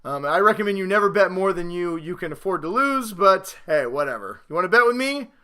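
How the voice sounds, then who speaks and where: A man hosting a casual football talk show, rambling and self-mocking, swinging between loud hype and low mutters. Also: animated, brisk, clean tone. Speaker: podcast host.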